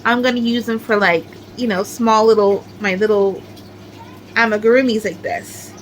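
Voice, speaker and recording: A woman's voice: mid-range voice, steady tone, normal speed, slight background noise, poor audio. A middle-aged woman chatting casually as she shows off her crochet work, rambling with lots of filler words. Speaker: crochet crafter showing her amigurumi. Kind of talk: casual show-and-tell chat.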